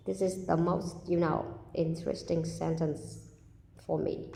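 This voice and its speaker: A woman with a Vietnamese accent, a native Vietnamese speaker, teaching English by reading a children's story with expression and repeating vocabulary slowly for practice. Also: deep voice, little pitch movement, gravelly, warm tone. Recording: roomy echo with long reverb.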